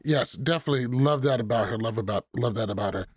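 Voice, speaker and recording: A man's voice: medium pitch, quick pace, slightly rough, dry recording, studio quality. A man hosting a podcast, recapping episode scenes in a sarcastic, joking way. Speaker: podcast host. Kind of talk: casual recap chat.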